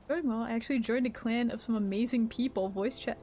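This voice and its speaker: A woman live-streaming a game, chatting casually with her viewers in an excitable, laughing way. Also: fairly high pitch, fast, few pauses, a little hiss or hum. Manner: greets chat viewers mid-game.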